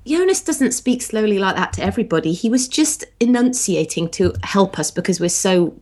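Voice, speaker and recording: A woman's voice: medium pitch, expressive, moderate pace, a little mellow. A woman with an English accent co-hosting a podcast, chatting casually and teasing, with lots of fillers. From England. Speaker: podcast co-host. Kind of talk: casual chat.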